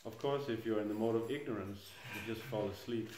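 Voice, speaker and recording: A man's voice: on the low side, brisk, darkish tone, slight background noise. A middle-aged man giving an informal scripture class in a temple hall, speaking hesitantly and chuckling at his own jokes. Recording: echoey room.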